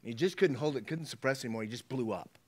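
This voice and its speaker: Brief: middle-aged male pastor, informal preaching, mid-pitched, often asks the room if they follow. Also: fast talker. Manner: conversational, repeats words, checks in with the congregation. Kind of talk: sermon.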